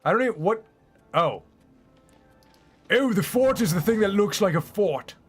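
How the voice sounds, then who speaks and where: A man giving rambling, sarcastic let's-play commentary, breaking into yells at the game. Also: high-pitched, animated, measured pace, breathy edge, soft background music. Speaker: gaming YouTuber.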